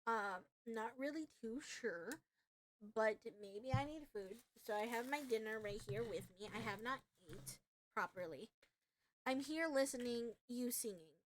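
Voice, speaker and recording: A young woman streaming live, reacting excitably with swearing and loud outbursts. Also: fairly high pitch, unhurried, a little hiss or hum.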